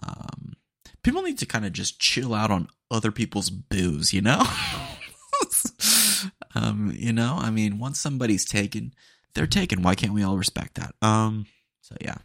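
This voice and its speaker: Here a young man hosts a podcast, rambling through retail stories in a slangy, filler-heavy, chatty monologue. His fairly low, gravelly voice is a bit bright and sing-song, at moderate speed. Studio quality, no echo.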